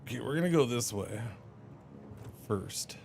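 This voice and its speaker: A man's voice: medium pitch, lively intonation, a little slow, creaky, darkish tone, faint music behind. A man streaming a game, chatting casually and rambling with playful exclamations. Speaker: livestreamer. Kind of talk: casual gaming commentary.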